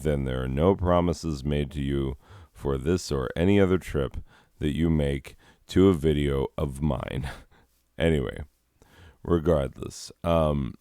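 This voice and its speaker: A man's voice: a bass voice, dark tone, smooth, dry recording, studio quality. A man giving casual gameplay commentary as a video host, rambling along with joking asides.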